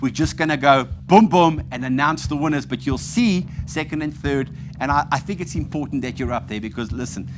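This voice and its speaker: A man's voice: fairly high pitch, fairly quick, few pauses, noisy background. A man from South Africa hosting a live awards event on stage, telling a story with a comic twist before announcing winners. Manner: storytelling, playful, shifts to loud hype when announcing. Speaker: awards host.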